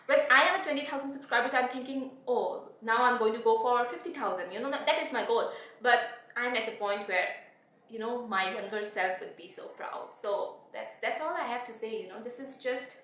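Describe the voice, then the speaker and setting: A young adult woman vlogger talking to camera, heartfelt and emotional, halting with many restarts and fillers. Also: on the high side, fairly bright tone. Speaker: beauty vlogger. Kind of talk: reflective talk to camera. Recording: echoey room.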